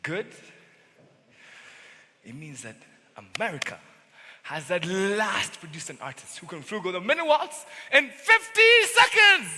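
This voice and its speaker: A young man plays a charming con man who sells with grand theatrical flourishes. His voice is high and very bright, swinging wildly from a murmur to a triumphant shout. It rings out from a stage in a big echoing hall. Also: big pitch swings, unhurried, pauses often, slight background noise, heavily acted. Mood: persuasive. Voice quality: theatrical, persuasive, booming flourishes. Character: smooth-talking charming male con man salesman. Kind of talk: school stage musical acting. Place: school stage in a large hall. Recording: echoey hall, voice from far off.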